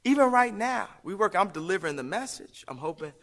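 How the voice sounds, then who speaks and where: An interview guest with a high-pitched, fairly bright voice speaks fairly quickly and animatedly. His impassioned talk is preachy and emphatic, rambling between points with laughs.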